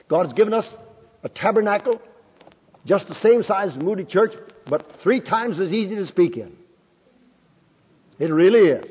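A man's voice: high-pitched, husky. An older man, a Bible school principal, preaching a fervent testimony sermon, calling out hallelujah and amen. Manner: exclamatory, shouts hallelujah and amen, laughs often. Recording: dull old recording in a reverberant hall.

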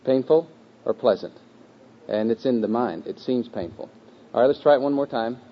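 A man teaching a group to memorize a scripture verse, speaking patiently with fillers and repeating phrases slowly. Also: mid-range voice. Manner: patient, repetitive, slow chanting of phrases with a group. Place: room with a live group. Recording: dull lo-fi recording.

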